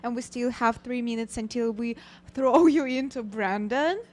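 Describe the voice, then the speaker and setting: A woman's voice: fairly high pitch, normal speed, a little mellow. A woman with a Russian accent co-hosting a trading livestream, chatting playfully in slightly broken English. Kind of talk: casual livestream chat.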